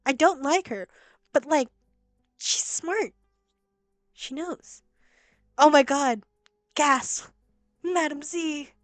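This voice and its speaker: A young woman streaming a game, chatty and excitable, reacting and reading story lines aloud. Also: high voice, takes it slowly, long pauses, no echo, faint music behind. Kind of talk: casual game-stream commentary. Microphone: laptop mic.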